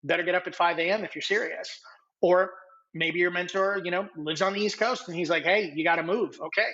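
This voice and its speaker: A man in his late thirties, a podcast guest telling stories in a casual, animated way and acting out the people he quotes. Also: high-pitched, fairly quick, lo-fi sound. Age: 30s. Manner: animated, acts out quoted dialogue. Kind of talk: casual interview storytelling.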